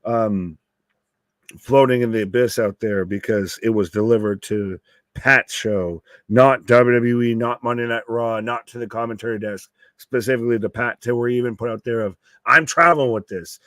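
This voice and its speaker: This is a man co-hosting a live wrestling watch-along, talking casually and loosely to his chat. He rambles, jokes and swears without a second thought. His voice sits at an ordinary pitch and sounds dry and close. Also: fairly even intonation, normal speed, no room sound. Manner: rambling, jokey, swears freely. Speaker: live stream co-host.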